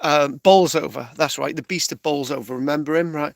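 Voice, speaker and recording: A man's voice: a little high, fairly even intonation, a little fast, vocal fry, dry recording. Rambling man telling a comic story. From England. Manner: rambling, tags nearly every phrase with "right?", restarts often. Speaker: stand-up storyteller.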